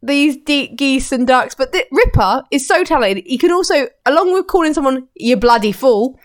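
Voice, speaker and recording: A woman's voice: high voice, expressive, normal speed. A woman co-hosting a casual podcast, chatty and giggly as she reads out odd news stories. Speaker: podcast co-host.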